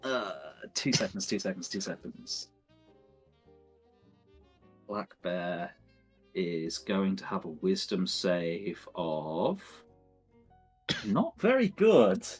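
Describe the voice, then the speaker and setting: A man narrating as dungeon master, measured and descriptive, thinking aloud between rulings. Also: sits low, slightly rough, soft background music. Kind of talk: narrating a tabletop game.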